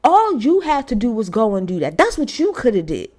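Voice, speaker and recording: Woman ranting thru a tv recap, kinda high voice, super lively, emphatic and slangy. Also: brisk. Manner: animated, emphatic, slangy storytelling. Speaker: TV show reviewer.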